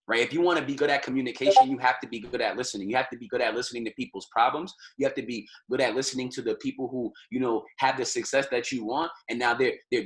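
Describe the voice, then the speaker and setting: Man, informal coach on a group call, repetitive and emphatic, constant "right?" tags. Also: medium pitch. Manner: tags nearly every point with "right?", repeats phrases for emphasis. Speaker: trading community call leader.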